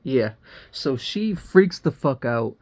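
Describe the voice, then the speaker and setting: A man's voice: medium pitch, sing-song, takes it slowly, darkish tone. A young man recapping a movie for his channel in a rambling, slangy, profane way, full of fillers and restarts. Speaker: movie reviewer. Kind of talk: casual spoiler recap.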